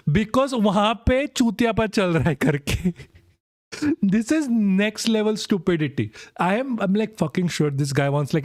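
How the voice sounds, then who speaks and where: Here a young man with a high-sitting voice reacts to a clip on his stream, giggly and swearing, laughing through his words in casual chat with viewers. The studio sound is clean, with no echo.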